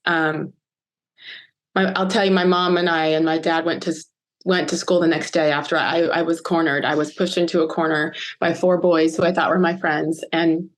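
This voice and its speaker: A woman in her fifties from the United States, telling a personal story as a podcast guest, earnest and emotional with pauses. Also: low voice, level tone. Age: 50s. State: choked up.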